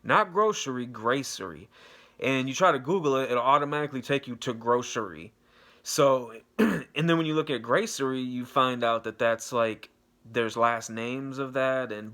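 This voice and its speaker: A man's voice: mid-range voice, a bit bright. Rambling, profane young man reviewing a movie. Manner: rambling, profane, loose and unscripted. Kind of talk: casual spoken movie review.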